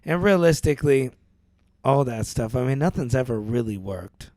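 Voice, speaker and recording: A man's voice: mid-range voice, lively intonation, normal speed, darkish tone, no room sound. A man co-hosting a podcast, joking and teasing his friend in laid-back, casual chat. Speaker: podcast co-host.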